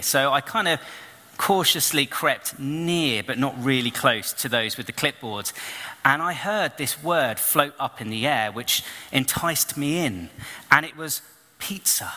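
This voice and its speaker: A man preaching a storytelling sermon, animated and acting out the people in his story. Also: mid-range voice. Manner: animated storyteller, acts out voices and shouts. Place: church hall. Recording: long reverb of a church hall.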